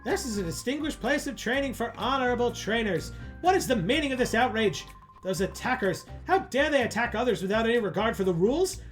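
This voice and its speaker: A woman's voice: fairly high pitch, animated, a little fast, soft background music, voice pushed up, close to an everyday voice. A woman reading the lines of a proud, indignant game character who deletes moves. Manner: pompous, indignant.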